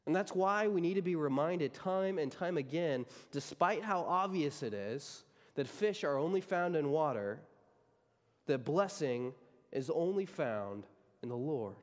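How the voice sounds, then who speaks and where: A man's voice: on the high side, animated, unhurried. Emphatic male pastor in a reverberant hall. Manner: emphatic, repeats key phrases for stress. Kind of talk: sermon.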